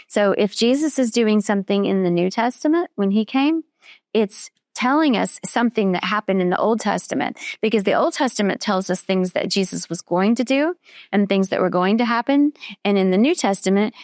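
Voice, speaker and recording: A woman teaching children a Bible story, asking them questions and slowing down on key words. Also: mid-range voice, a little mellow, no room sound, studio quality. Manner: patient, questioning, slows down for emphasis.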